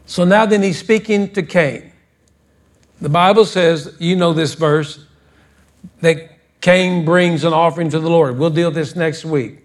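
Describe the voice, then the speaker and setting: A man preaching a fervent sermon as pastor in a church, scolding his congregation and rising to loud, insistent exhortation. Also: on the high side, measured pace. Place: church sanctuary.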